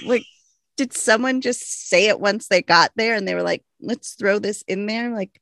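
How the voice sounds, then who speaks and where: A woman co-hosting a casual podcast chat recapping a TV show, giggly and animated, acting out quoted lines. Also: mid-range voice, moderate pace, creaky, no echo. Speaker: podcast co-host.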